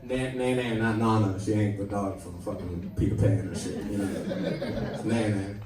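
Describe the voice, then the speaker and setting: A man from San Diego doing a stand-up set, telling stories with animated asides to the crowd. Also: on the low side, moderate pace. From San Diego, USA. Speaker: stand-up comedian. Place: comedy club stage. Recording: roomy club, far from mic, audience laughter.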